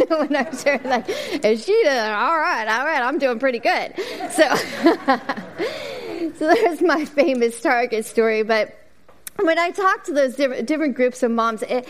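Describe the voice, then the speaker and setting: A middle-aged woman speaking to a church congregation, telling a lively personal story and acting out the voices in it before leading a prayer. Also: high-pitched. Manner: animated storytelling, acting out her own and her kids' voices. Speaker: women's ministry speaker. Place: church service.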